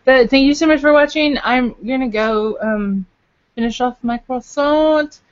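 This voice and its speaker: At home in Los Angeles, a Canadian woman vlogs casually to camera, rambling with fillers and playful asides. Her voice is high and unhurried, and the recording sounds muffled.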